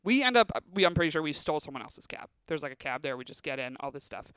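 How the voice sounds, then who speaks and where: A woman in her thirties tells stories casually, rambling and packing her sentences with filler. Her voice is bright and smooth. It is recorded close on a podcast mic in a dry room. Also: low voice, sing-song, fast, dry recording. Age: 30s. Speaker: comedian guest.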